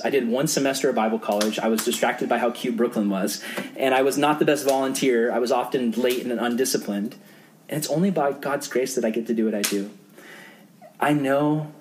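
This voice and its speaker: A man's voice: slight background noise, low-quality recording. A young man preaching a youth group sermon as the youth pastor, earnest and conversational. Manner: earnest and conversational, acting out quoted voices in a higher pitch.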